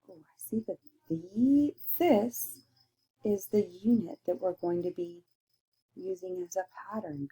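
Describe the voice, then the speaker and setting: A woman teaching a recorded lesson to young children. She speaks slowly and carefully, sounding out each letter. Her pitch swoops up and down in an animated, sing-song way. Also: husky.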